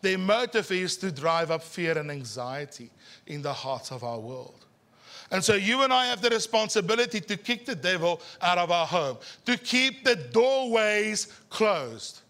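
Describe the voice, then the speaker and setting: A South African pastor with an Afrikaans accent preaches a sermon at a church service, animated and teasing, slowing his words for emphasis. His voice sits high.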